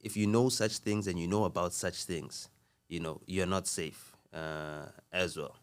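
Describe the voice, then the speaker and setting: Very deep, flat-voiced man. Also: clear, resonant tone. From South Africa. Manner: earnest, measured, with frequent fillers and restarts. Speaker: podcast guest. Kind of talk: casual conversational talk.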